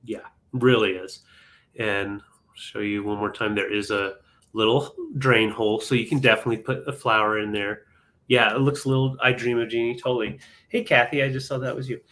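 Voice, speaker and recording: A man's voice: on the low side, flat delivery, brisk, a bit bright. A man co-hosting a live vintage sale, chatting casually as he calls out bids and counts down. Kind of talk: live auction selling chat.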